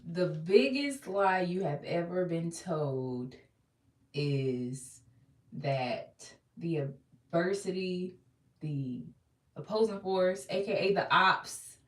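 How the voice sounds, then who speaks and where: A woman's voice: fairly low pitch, distant mic. A young woman preaches a pep talk to her live viewers, emphatic and repetitive. She keeps asking them to say lines back to her. Her voice bounces around an echoey room and sits well back from the mic. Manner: emphatic, repetitive, call-and-response. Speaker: motivational live-streamer.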